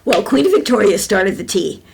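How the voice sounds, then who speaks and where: Older American woman, gravelly husky voice. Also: mid-range voice, big pitch swings, normal speed. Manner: rambling storyteller with many restarts. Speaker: interviewee. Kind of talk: oral history interview.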